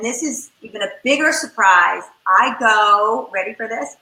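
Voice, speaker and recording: A woman family therapist giving advice in an interview, lively and demonstrative as she acts out what parents and children say. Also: a little high, unhurried, reverberant, low-quality recording.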